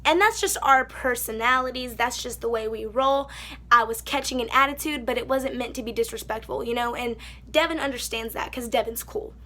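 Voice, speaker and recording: A young woman with a high voice tells a storytime vlog into her phone. She is sassy and animated, slipping into mocking voices as she quotes people. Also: fairly quick. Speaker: vlogger. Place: indoors by a wall.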